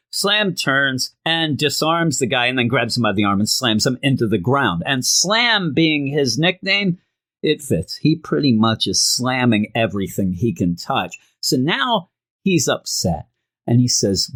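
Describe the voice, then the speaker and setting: A man casually reviewing an old comic book, rambling and retelling the story with animated asides. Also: medium pitch, unhurried.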